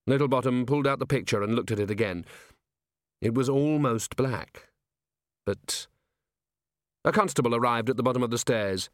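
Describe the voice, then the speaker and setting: Measured male audiobook narrator, dry. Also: medium pitch, dry recording. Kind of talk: scripted narration.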